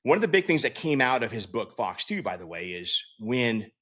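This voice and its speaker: A man's voice: medium pitch, sing-song, normal speed, fairly bright tone. A middle-aged man, a Navy veteran hosting his own show, tells a story in a casual, rambling way, with lots of fillers, restarts and swearing.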